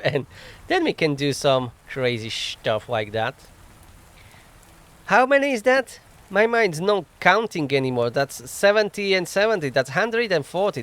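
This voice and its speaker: Chuckling gamer man, smooth higher voice. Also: a bit bright. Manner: chuckling often, wry self-mocking; thinks aloud while playing. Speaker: gaming channel host. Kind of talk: casual let's play commentary.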